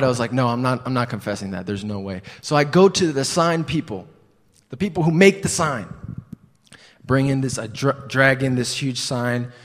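A man preaching a sermon in a church building, telling a personal story in a conversational, self-deprecating way, with rhetorical questions and hesitant restarts. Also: medium pitch. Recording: long hall reverb.

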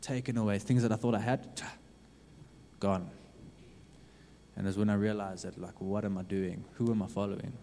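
A man preaching a sermon, earnestly urging his listeners with lots of repetition, swinging from loud to hushed. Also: lowish voice, flat delivery, normal speed, a little hiss or hum. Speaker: youth preacher. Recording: long reverb of a hall.

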